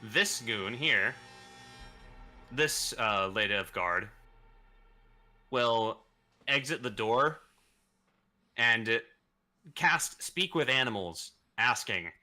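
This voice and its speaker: A man narrating as game master of a tabletop game, measured, repeating phrases as he goes. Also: mid-range voice, animated, bright, forceful tone.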